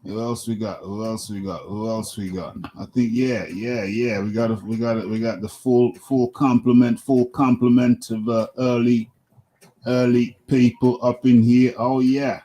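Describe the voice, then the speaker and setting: A man's voice: mid-range voice, fairly even intonation, a little slow, warm tone. A man hosting a live boxing talk stream, chatty as he reads out the names of viewers. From United Kingdom. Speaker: host.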